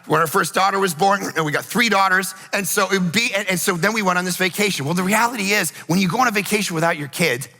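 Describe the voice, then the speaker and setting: High-voiced pastor guy preaching, gravelly edge, bright tone, long hall echo. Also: fast talker, few pauses. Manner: animated storytelling, rising to shouts. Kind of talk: sermon. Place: church auditorium.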